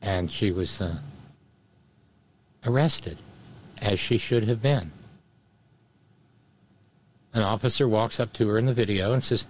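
A man's voice: fairly low pitch, a little slow, pauses often, a little hiss or hum. A man giving a sardonic commentary monologue, mocking and scornful, with wry asides between the quotes he reads out. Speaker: political commentator.

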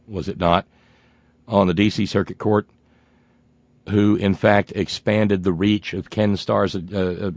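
In a dry recording, a man with a low-sitting voice hosts a political talk radio show. He reads listener messages in a sardonic, folksy way and now and then bursts into loud exclamations.

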